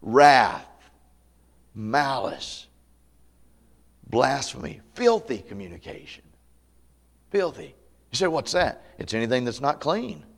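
A man pastor preaching a camp meeting sermon to a congregation, conversational and folksy, with humor and loud emphatic peaks. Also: mid-range voice, sing-song, slow pace, vocal fry, pauses often. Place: church meeting before a live congregation.

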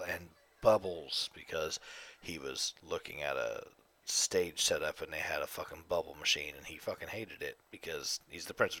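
A man's voice: low voice, bright, forceful tone. A man hosting his own casual solo podcast, talking close to the mic in profane, rambling rants. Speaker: podcast host. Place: home, evenings. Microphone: close desk mic.

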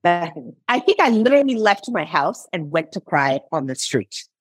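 A woman in her thirties, a company founder in a conversational interview, telling lively stories and acting out her own past lines. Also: on the low side, normal speed, few pauses, slightly rough, dry recording. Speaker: founder and CEO, interview guest.

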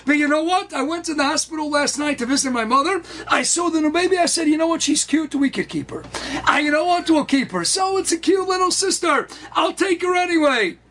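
A man voicing a hopeful seven-year-old boy in a spoken story, talking earnestly and excitedly. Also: very high-pitched, brisk.

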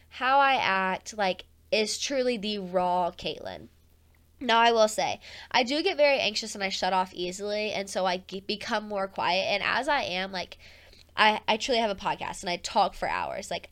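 A woman's voice: mid-range voice, smooth. A young woman hosting a solo podcast, talking in a casual, earnest way with plenty of "like" and "um". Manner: casual and earnest, heavy use of "like" and "um". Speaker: podcast host.

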